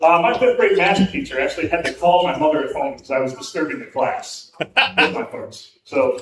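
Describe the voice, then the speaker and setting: A man's voice: a little high, fairly quick, reverberant. A man doing a stand-up set, telling crude stories in a loose, rambling way, heard through a venue PA from far off with a crowd. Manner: loose storytelling with crude jokes. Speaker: stand-up comic. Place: small comedy venue stage. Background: audience crowd.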